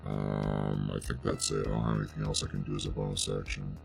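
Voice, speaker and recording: A man's voice: completely flat delivery, brisk, soft background music, exaggerated voice. A man playing a brash male demon barbarian through a demon voice filter, talking casually and swearing. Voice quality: gravelly, very deep. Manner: casual gamer talk, swears freely. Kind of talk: playing a tabletop game online.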